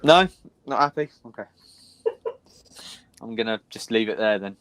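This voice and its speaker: A man's voice: lowish voice, normal speed, fairly bright tone, no room sound. A man joining a livestream as a guest, chatting casually and cracking dad jokes. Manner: jokey, tells dad jokes. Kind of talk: casual chat.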